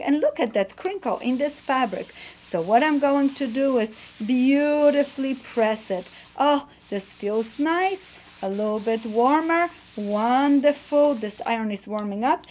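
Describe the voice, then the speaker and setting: A woman's voice: on the high side, a little mellow. A woman teaching a quilting demonstration, gushing and encouraging, often exclaiming how wonderful each step is. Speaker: quilting teacher and show host. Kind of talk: instructional demonstration.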